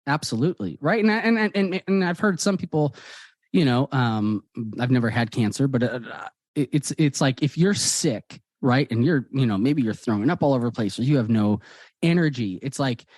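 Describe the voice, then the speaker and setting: A man, a guest author, telling personal stories in a lively conversational way and acting out the dialogue. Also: mid-range voice, moderate pace, no echo, clean studio sound. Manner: animated, acts out quoted dialogue. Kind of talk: conversational storytelling.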